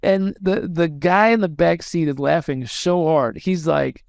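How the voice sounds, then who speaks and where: A man with a fairly high, smooth and crisp voice tells a story with lively energy, jumping into the voices of the people he quotes. He sounds like he's in his thirties and speaks close to the mic in a dry, dead room. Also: a little slow, hardly any pauses, no room sound. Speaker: guest. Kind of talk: storytelling in a podcast interview.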